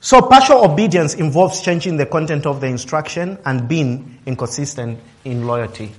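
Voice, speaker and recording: A man's voice: on the high side, lively intonation, normal speed. A man preaching a sermon, swinging his voice up and down for emphasis, acting out quotes and laughing now and then. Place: office worker.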